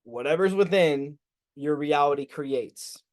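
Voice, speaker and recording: A man's voice: fairly high pitch, a little slow. A man leading a group coaching class as a spiritual coach, talking casually, swearing freely and acting out his students' inner voices. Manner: animated, rhetorical "right?" checks.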